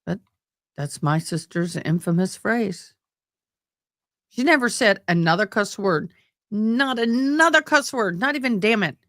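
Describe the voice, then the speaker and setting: A woman's voice: medium pitch, lively intonation, unhurried, fairly bright tone, no room sound, clean studio sound. A woman hosting a live stream, chatting casually with viewers and joking between court proceedings. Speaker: livestream host commenting on a trial.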